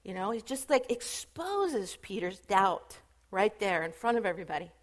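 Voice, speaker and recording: A woman retelling Bible stories in a casual, chatty sermon, animated and full of fillers. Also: medium pitch, moderate pace. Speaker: Bible teacher.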